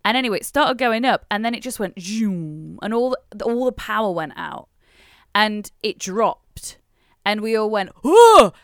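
A woman co-hosting a podcast, reacting with soft sympathy and then telling her own story casually. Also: medium pitch, lively intonation, normal speed, no echo, studio quality. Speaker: podcast co-host. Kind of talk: casual chat.

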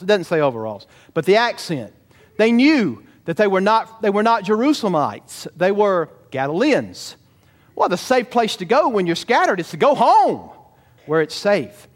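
A man preaches a sermon, animated and lively. He keeps turning to the congregation with rhetorical questions. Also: sits high, normal speed. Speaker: pastor.

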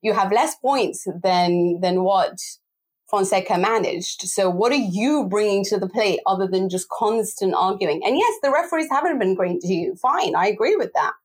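A woman hosting a football podcast discussion, talking fast and sounding exasperated, with frequent laughs. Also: medium pitch, animated, slightly rough.

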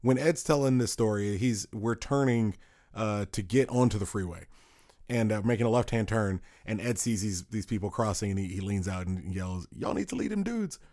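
A man's voice: on the low side, fairly even intonation, normal speed, mellow, no room sound, clean studio sound. A man co-hosting a podcast, telling stories in a rambling, self-interrupting way and laughing at his own tales. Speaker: podcast co-host. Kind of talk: casual storytelling chat.

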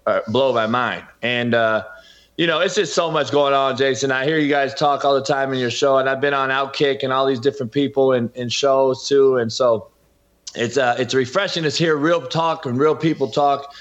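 A middle-aged man who coaches football and hosts a podcast speaks as an interview guest, talking with passion and emphasis and frequently calling the host by name. His voice is medium-pitched and slightly bright, with fairly even intonation and a moderate pace. The audio is dull and lo-fi.

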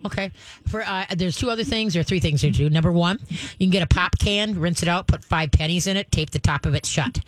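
A woman's voice: lowish voice, fairly quick, no room sound. A woman hosting a call-in show as a dog trainer, chatty and folksy, acting out firm commands. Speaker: dog trainer radio host. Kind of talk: casual call-in advice.

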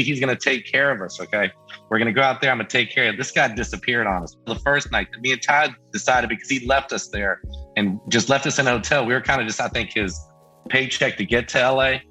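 Middle-aged guy telling an old story, bright punchy voice, kinda husky, does the voices of people he quotes. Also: medium pitch, poor audio. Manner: lively, acts out quoted voices. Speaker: band member guest. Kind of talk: casual storytelling.

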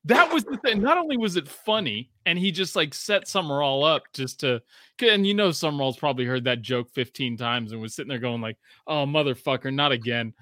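Rambling, profane man with a bright voice. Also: fairly high pitch, fairly quick, dry recording, clean studio sound. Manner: rambling, profane, many fillers and restarts; animated storytelling with voiced quotes. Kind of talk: casual chat.

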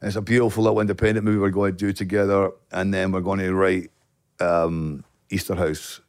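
Gravelly Glaswegian man, low and dry. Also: a little fast, no echo. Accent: Glaswegian Scottish. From Scotland. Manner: profane, animated storyteller. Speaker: guest actor. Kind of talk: casual podcast chat.

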